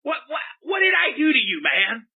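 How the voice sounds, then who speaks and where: A man's voice: very high-pitched, wildly swooping pitch, moderate pace, vocal fry, phone-quality sound, exaggerated voice. A man playing a flippant pop psychologist from Oklahoma who hosts a comedic call-in show, prissy and easily rattled, stammering when callers swear. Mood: flustered. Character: flippant middle-aged male pop psychologist radio host.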